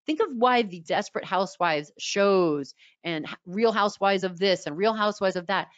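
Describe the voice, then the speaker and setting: A middle-aged woman from New York with a slightly raspy voice and a New York accent, coaching a webinar audience with lively energy and repeated key words. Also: mid-range voice, moderate pace, dry recording. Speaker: social media coach. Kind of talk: webinar teaching. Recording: dull, dry sound.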